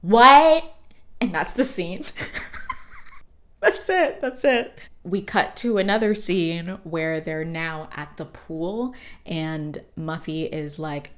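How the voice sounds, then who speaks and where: A woman with a low, deep-set voice talks through a cartoon episode in loose podcast chat. She swears freely and drifts into jokes and side comments. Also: unhurried. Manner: chatty, profane, lots of fillers and asides. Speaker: podcast host. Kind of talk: casual comedic episode recap.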